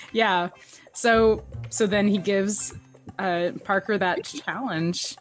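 A woman co-hosting a podcast, chatting casually about a TV episode with frequent laughs and quick asides. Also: mid-range voice, fairly even intonation, soft background music. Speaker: podcast co-host. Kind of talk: casual chat recapping a TV episode.

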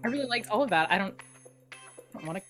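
Lively woman podcast host. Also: medium pitch, music in the background. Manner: lively, quick, laughs often. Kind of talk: casual chat.

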